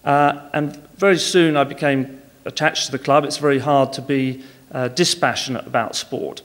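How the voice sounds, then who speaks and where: A man's voice: medium pitch, in a large hall. A man speaking at a conference, telling frank, wry business anecdotes.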